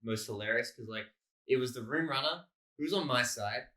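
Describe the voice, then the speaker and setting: A Melbourne comedian co-hosts a laid-back podcast, his mid-range voice brisk, bright and forceful. He tells rambling stories, swears freely and acts out what people said.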